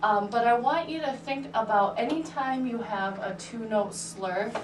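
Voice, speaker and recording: A woman's voice: fairly high pitch, unhurried, a little hiss or hum. A woman teaching a piano lesson, patient and encouraging, often checking in with "right?" and "okay". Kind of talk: private music lesson. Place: room with a piano. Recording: roomy, distant, piano playing.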